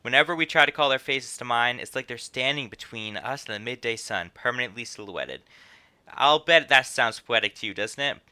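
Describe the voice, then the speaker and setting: A man's voice: medium pitch, a little fast, sharp tone, clean tone. A man voicing a chatty female innkeeper who runs a guild, reading her lines in a drawl that drifts between put-on accents. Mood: folksy, storytelling.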